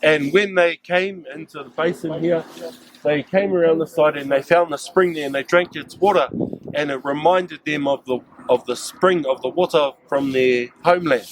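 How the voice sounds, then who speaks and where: Against a noisy background, a New Zealand man with a fairly high voice guides staff through an outdoor cultural site talk. He explains the local sites and frequently asks the group questions to keep them involved.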